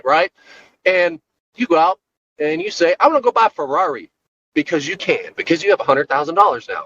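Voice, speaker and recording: Animated man ranting in his car. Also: high-pitched, no room sound, highs cut off. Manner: animated, jokey, rhetorical. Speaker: podcast co-host. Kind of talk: solo rant recorded while driving.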